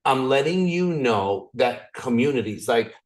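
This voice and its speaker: A raspy man leading a motivational training call, excitable, swinging up and down and restarting his sentences often. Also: unhurried. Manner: excited, repetitive, frequent restarts; swings up and down in pitch. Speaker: business opportunity trainer.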